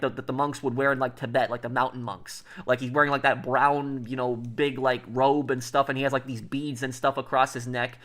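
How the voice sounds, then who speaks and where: A man chats casually with viewers during a livestream, his medium-pitched voice sounding pushed and bright. He rambles, using lots of fillers and restarting his sentences.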